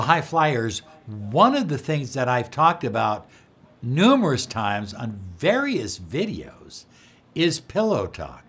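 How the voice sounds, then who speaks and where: Slow, earnest self-help man. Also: a little high. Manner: slow, earnest, drops to a soft whisper for affirmations. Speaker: law of attraction teacher. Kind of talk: motivational self-help talk.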